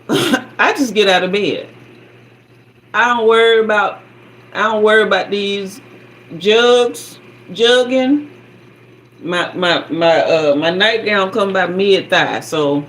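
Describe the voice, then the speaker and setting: A woman host telling a personal story in a sassy, animated way, acting out sounds and quoted dialogue. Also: mid-range voice, slight background noise, poor audio. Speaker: spiritual guide and channel host.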